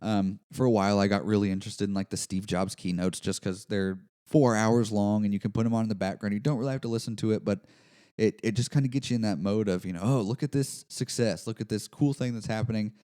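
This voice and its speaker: A man's voice: fairly low pitch, steady tone, fast, dark tone, clean tone. A man hosting a business podcast, talking casually in a rambling, self-deprecating way with lots of fillers and restarts. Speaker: podcast host. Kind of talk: casual solo podcast monologue.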